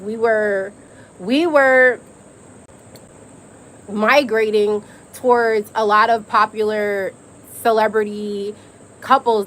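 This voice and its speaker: A woman's voice: mid-range voice, a little hiss or hum, rough recording. A young adult woman hosting a live stream, telling stories in a candid, emphatic way with slang and profanity. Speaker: host. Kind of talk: casual live-stream chat.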